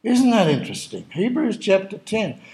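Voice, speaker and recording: A man's voice: sits high, sing-song, normal speed, darkish tone, rough recording. Man preaching a storytelling sermon. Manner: conversational storytelling, acting out dialogue. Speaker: pastor.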